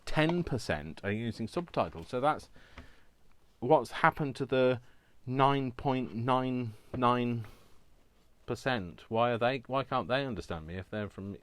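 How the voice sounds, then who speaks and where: A man chatting casually as he crafts, rambling along and quick to laugh. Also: medium pitch. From Britain. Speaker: crafting vlogger. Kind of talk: casual chat while crafting.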